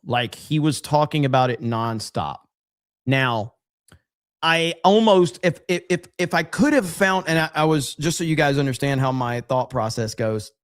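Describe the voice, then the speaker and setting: A livestream host with a mid-range voice reads viewer comments aloud in a loose, profane, rambling way packed with fillers. The recording is dry and studio quality.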